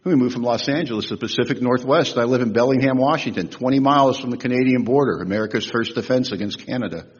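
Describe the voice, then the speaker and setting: A husky man in his sixties speaking at a recovery convention, telling humorous, animated stories with big swings in pitch and loudness. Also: fast, few pauses. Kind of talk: storytelling talk at a recovery convention. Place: large convention hall. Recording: echoey hall, dull lo-fi sound.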